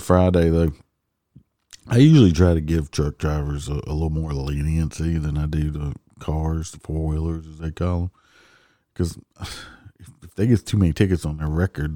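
A man's voice: a bass voice, warm tone, no echo, clean studio sound. A man, a traffic police officer telling stories in a blunt, profane, ranting way. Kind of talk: casual storytelling monologue.

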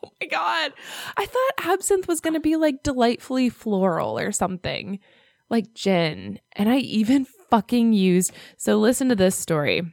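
A young woman co-hosting a podcast in casual chat, animated, laughing often and swearing casually. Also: on the high side, moderate pace, vocal fry, no echo, clean studio sound. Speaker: podcast co-host.

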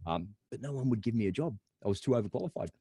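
A man's voice: medium pitch, expressive, rapid-fire, mellow, husky, dry recording, studio quality. A middle-aged Australian man talks in a reflective, rambling way as a podcast guest, repeating words as he tells his story openly.

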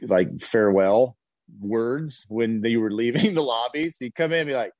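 A man's voice: normal speed, darkish tone, no echo. A man co-hosting a sports radio show, telling a funny anecdote with laughs and casual fillers. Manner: laughing storyteller, acts out voices in high pitch.

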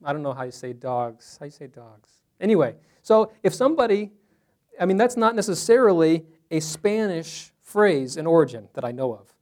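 A man's voice: on the high side, sing-song, moderate pace, a little mellow. A man teaching a Bible study class to a small group in a room, talking conversationally and asking the group questions.

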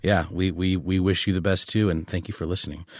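A man's voice: low-pitched, steady tone, a little fast, a little mellow, dry recording, clean studio sound. A man co-hosting a podcast, reading listener messages in a playful, jokey casual chat. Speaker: podcast co-host.

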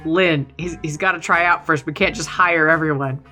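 A woman voicing a tired middle-aged cartoon dad who keeps reasoning with his excitable wife. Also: deep voice, moderate pace, soft background music. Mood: exasperated.

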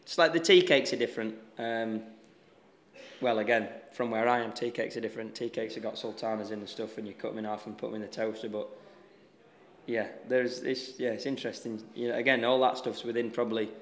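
A young man with a Yorkshire accent, a golfer answering interview questions in a relaxed, halting way with many restarts. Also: medium pitch, roomy sound. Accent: Yorkshire English. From Yorkshire, England.

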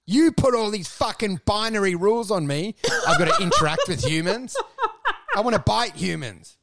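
A man co-hosting a podcast, talking in crude, laughing comic banter and often breaking into loud put-on voices. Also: high voice, huge pitch swings, moderate pace, vocal fry, heavy background noise. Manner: brash, laughing, swearing, launches into loud mock voices. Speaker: comedian podcast co-host.

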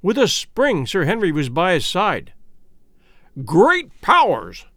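Brief: male audiobook reader, high animated voice, measured storytelling, dry booth sound. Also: dry recording. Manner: measured first-person storytelling. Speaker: audiobook narrator. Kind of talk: scripted narration.

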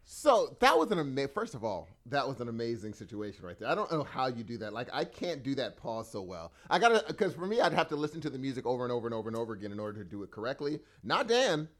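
A man's voice: medium pitch, big pitch swings, quick pace, few pauses, soft background music. A young man co-hosting a podcast, teasing his partner and joking about himself in casual banter. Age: young adult. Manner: teasing, self-deprecating. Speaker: podcast co-host.

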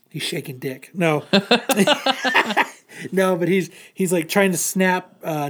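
Podcast co-host, male, loose filler-heavy storytelling, a bit high. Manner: rambling, filler-heavy retelling. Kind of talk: casual comic book recap.

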